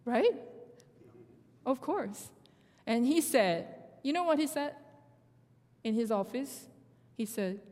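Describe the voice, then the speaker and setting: Delivering a testimony as a sermon, this young woman speaks with a Korean accent, being a native Korean speaker. She performs the dialogue in lively storytelling with halting phrasing, her slightly high voice carried by long hall reverb.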